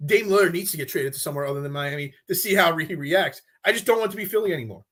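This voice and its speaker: A man's voice: on the high side, very fast, fairly bright tone, husky. A man hosting a casual live sports talk show, rambling and frustrated, often stumbling and restarting his sentences.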